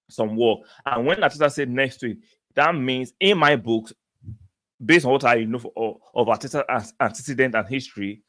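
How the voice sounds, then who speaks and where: A man's voice: medium pitch, a bit bright, dry recording, studio quality. A man hosting a live football fan stream, reading viewer comments in a chatty, rambling way with many fillers and restarts. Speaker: football fan channel host.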